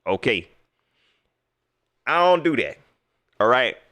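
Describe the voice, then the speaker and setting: A man hosting a casual livestream sports talk show, animated and slangy, repeating himself as he talks straight to his viewers. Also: medium pitch, slow pace.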